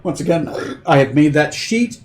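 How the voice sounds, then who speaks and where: A man running a tabletop game as game master narrates loosely, full of fillers and restarts, and he has the hiccups. His voice is a little high and expressive, at a normal speed.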